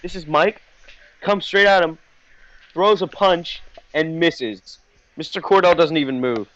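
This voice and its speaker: A man's voice: mid-range voice, fairly bright tone, muffled recording, a little hiss or hum. Rambling profane man telling a story. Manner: rambling, profane, full of fillers. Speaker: podcast host. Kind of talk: casual comedic storytelling.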